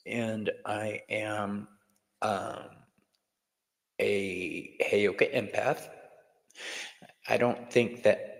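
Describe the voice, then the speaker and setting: A man's voice: lowish voice, gravelly, pushed and bright, rough recording. A middle-aged man who reads tarot, hosting a casual livestream class and rambling chattily while greeting viewers by name.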